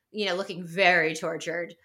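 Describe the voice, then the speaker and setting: A woman's voice: lowish voice, flat delivery, slow pace, sharp tone. A woman co-hosting a podcast, recapping a reality show in rambling casual chat full of "like". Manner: rambling, filler-heavy storytelling with lots of "like". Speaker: podcast co-host.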